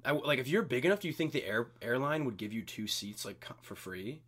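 A man's voice: mid-range voice, animated, brisk, a bit bright. Young male podcast co-host, rambling storyteller, swears a lot. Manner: rambling storyteller, swears freely, acts out quoted voices. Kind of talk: casual podcast chat.

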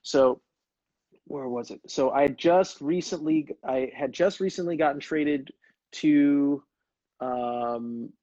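A man in his thirties, a former pro player, spins stories for his livestream viewers in an easygoing, chatty way. His voice sits a little high and comes through dry and slightly muffled. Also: takes it slowly, mellow, no room sound. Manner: laid-back storytelling, calls people brother. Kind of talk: casual livestream chat.

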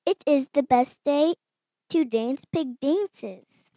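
A woman voicing an excitable, cheerful female pig from a picture book in a slow, eager, sing-song reading. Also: sits high, no room sound. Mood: excited.

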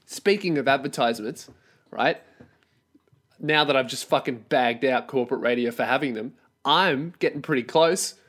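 A young Australian man hosting a solo podcast from his bedroom, ranting loudly and swearing as he mocks his targets. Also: medium pitch, normal speed. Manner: profane, mocking, loud ranting. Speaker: podcast host.

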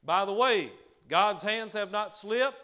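Male preacher with a fairly high voice. Delivers an emphatic sermon that swings between loud and soft, with frequent hallelujahs. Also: lively intonation, slow pace. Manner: peppers speech with hallelujah.

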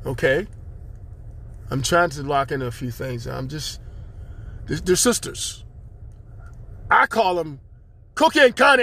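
A man's voice: on the high side, big pitch swings, unhurried, long pauses, sharp tone. A man hosting his own podcast, delivering a rambling spiritual monologue with preachy, chanted repetitions. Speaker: podcast host.

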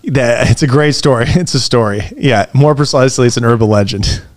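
A man's voice: mid-range voice, fairly quick. Crude joking man. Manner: crude, joking, rising into excited bursts. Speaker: podcast co-host. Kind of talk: crude casual banter.

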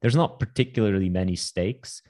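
A man with a very low voice, chatting as a guest on an interview podcast. He talks fast and wryly, piling on asides and little jokes. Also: darkish tone. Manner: quick, wry, full of asides. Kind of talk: casual interview chat.

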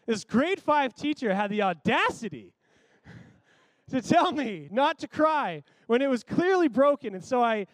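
A man preaching a sermon, telling a childhood story in an animated, conversational way with lots of "like.". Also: very high voice, a little slow, no echo.

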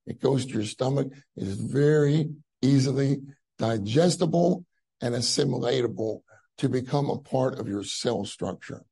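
A man's voice: medium pitch, moderate pace, gravelly, mellow, husky, low-quality recording. A man preaching a conference sermon in a conversational way, with many fillers and rising emphasis on key phrases.

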